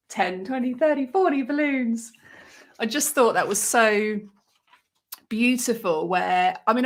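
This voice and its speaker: A woman in her forties chats through a casual livestream. She greets her viewers by name and talks in an easy, emotional, unscripted way. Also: medium pitch. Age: 40s. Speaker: author hosting a livestream.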